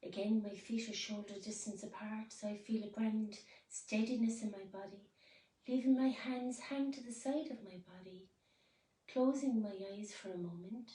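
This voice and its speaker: A woman leading a guided movement class, speaking gently and soothingly, with sudden loud playful roars. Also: mid-range voice, fairly even intonation, normal speed. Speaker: movement and wellbeing instructor. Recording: roomy echo, voice from some distance.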